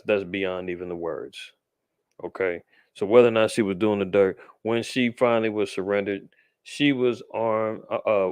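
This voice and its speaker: A man's voice: lowish voice, a little mellow, no echo, studio quality. A man hosting a show, talking loosely about the news with slang and restarts. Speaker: podcast host. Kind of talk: casual commentary on news.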